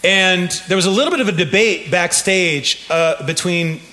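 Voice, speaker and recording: A man preaching a sermon, telling stories in an animated way with laughs and shouts. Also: sits high, moderate pace. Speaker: pastor.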